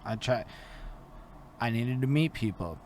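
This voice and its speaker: A man's voice: mid-range voice, animated, a little slow, darkish tone, slight background noise. Loose-talking male interview host. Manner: loose, profane, rambling talk. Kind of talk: casual chat.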